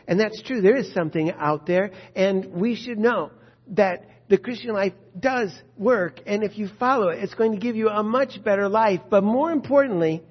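A man preaching an Easter sermon as a pastor, telling a story and then leading a quiet, earnest prayer. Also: high voice, moderate pace, slightly rough, in a large hall. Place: church sanctuary. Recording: dull lo-fi sound.

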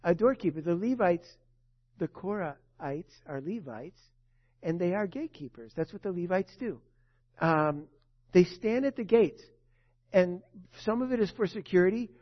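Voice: medium pitch, expressive, moderate pace, highs cut off. A preacher giving a sermon, telling a story with emphasis and asking the listeners rhetorical questions.

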